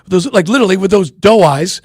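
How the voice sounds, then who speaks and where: A man co-hosting a sports radio show, telling stories in an animated casual chat from a studio microphone. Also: sits high, slightly rough, dry recording. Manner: animated storytelling, quick and chatty.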